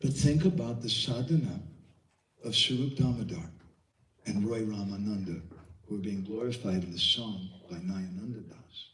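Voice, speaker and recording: A Vaishnava speaker gives a devotional class, telling stories with quoted voices and posing rhetorical questions. His voice is on the low side and a bit bright, at a moderate pace, but the audio is poor, reverberant and picked up from a distant mic.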